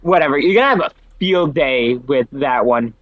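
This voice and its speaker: A man chatting casually as a podcast host, swearing often and reacting quickly. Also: medium pitch, no room sound, dull audio. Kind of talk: casual chat.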